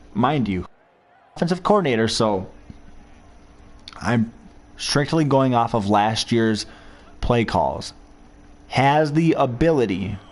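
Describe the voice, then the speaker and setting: A man giving casual, rambling commentary while playing a football video game, reminiscing about past seasons as he goes. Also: mid-range voice.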